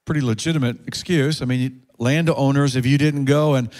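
A man preaching a sermon as pastor, earnest and emphatic, rising in pitch when he stresses a point. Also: fairly even intonation, normal speed, a little mellow.

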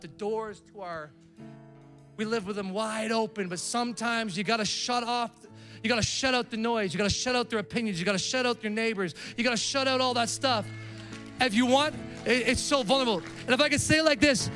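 A man's voice: sits high, fairly bright tone. A man preaching a sermon in a conversational way, calling out to the congregation. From Canada. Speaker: pastor.

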